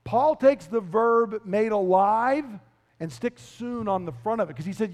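A man's voice: sits high, measured pace, a little mellow, in a large hall. A male pastor preaching an expository sermon, emphatic, repeating key phrases and quizzing his listeners.

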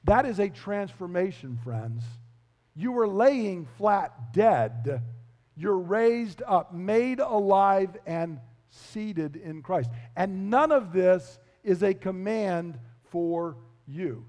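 High-pitched guy preaching, keeps repeating stuff and asking the crowd questions, echoey big hall. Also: lively intonation, slow pace, darkish tone. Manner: emphatic, repeats key phrases, quizzes the congregation. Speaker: pastor. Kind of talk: expository sermon.

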